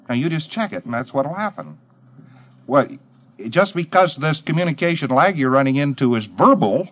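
A man lectures with a lively, swooping pitch, firing off rhetorical questions and mimicking others in bursts. The sound is dull and lo-fi, like an old tape recording. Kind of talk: lecture to trainee auditors.

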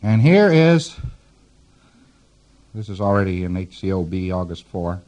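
A man's voice: low voice, big pitch swings, measured pace, darkish tone, lo-fi sound. A man giving a classroom lecture. He walks through diagrams on a board, chuckles now and then, and acts out short examples as he explains. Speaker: instructor.

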